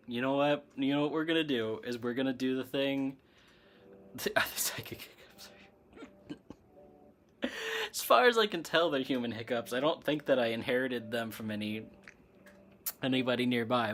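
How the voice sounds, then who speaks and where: A hiccuping host of a spiritual livestream talks in a loose, rambling way and keeps breaking into giggles. The voice sits at a middling pitch, and a faint hiss runs under the talk. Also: a bit bright. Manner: giggly, rambling, laughs often. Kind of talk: casual livestream chat.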